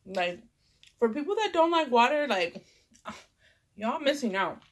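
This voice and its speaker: A woman's voice: on the high side, sing-song, slow pace, pauses often. A young woman with a Californian accent, stuffed up from a cold, rambling casually while eating in a vlog. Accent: Californian English. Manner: rambling, chatty, lots of "like" and fillers. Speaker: vlogger.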